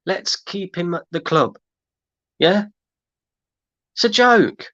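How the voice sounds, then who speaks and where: A man's voice: high-pitched, animated, slow pace, fairly bright tone, dry recording, highs cut off. A man hosting a fan livestream, ranting in exasperation and repeating himself while he reads out chat comments. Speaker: fan channel host. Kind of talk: livestream rant reading chat.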